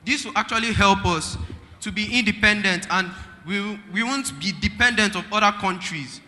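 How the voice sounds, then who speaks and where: A man's voice: high voice, normal speed, pushed and bright. A Nigerian teenage boy giving a formal school debate speech, earnest and stopping to restart phrases. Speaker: student debater. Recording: hall reverb.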